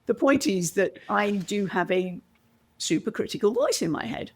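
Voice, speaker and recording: Animated British woman with a gravelly edge. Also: mid-range voice, normal speed. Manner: animated storyteller, acts out quoted voices. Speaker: guest, communication coach. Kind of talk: podcast interview.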